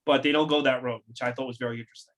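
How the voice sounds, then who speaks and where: A man's voice: medium pitch, fairly even intonation, racing, a bit bright. A man co-hosting a casual wrestling talk, giving emphatic, profane opinions. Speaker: podcast co-host.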